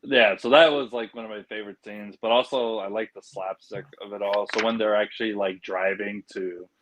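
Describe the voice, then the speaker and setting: A man's voice: lowish voice, fairly even intonation, fairly quick, fairly bright tone, slight background noise, poor audio. A man co-hosting a podcast in casual chat, laughing often and quoting cartoon lines as he goes. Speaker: podcast co-host.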